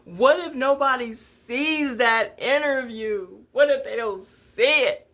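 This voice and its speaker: A woman's voice: sits high, slow, a bit bright, voice pushed up. A woman voicing her younger self as an upset, tearful little girl who pleads and worries. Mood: worried.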